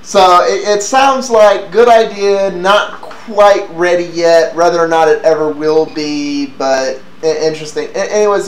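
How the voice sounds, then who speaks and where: A man hosting a casual tech chat, stumbling over restarts and laughing often. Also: on the high side. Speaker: podcast host. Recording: echoey room with faint noise.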